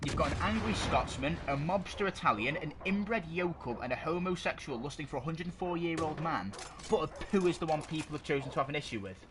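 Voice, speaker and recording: A man co-hosting a casual podcast, arguing his opinions in a rambling way and often stopping to search for words. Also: a little high. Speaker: podcast co-host. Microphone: desk microphone. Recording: noisy amateur podcast recording.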